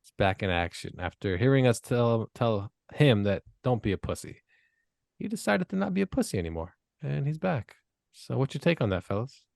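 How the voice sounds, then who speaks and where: A man's voice: medium pitch, sing-song, normal speed, gravelly, a little mellow, no room sound, clean studio sound. A man hosting a comedy podcast, brash and teasing, cracking crude jokes in loose banter. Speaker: podcast host.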